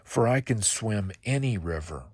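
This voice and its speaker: A man voicing a gentle, polite male alligator in a read-aloud storybook, raising his voice slightly. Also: on the low side, expressive, normal speed, breathy edge, dry recording. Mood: brave. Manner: polite and soft-spoken.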